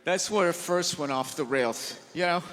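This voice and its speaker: A man doing a stand-up routine in a large theater, ranting and swearing with loud exasperated bursts. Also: fairly high pitch, normal speed. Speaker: stand-up comedian. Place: large theater stage with live audience. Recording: live theater recording with hall reverb and crowd.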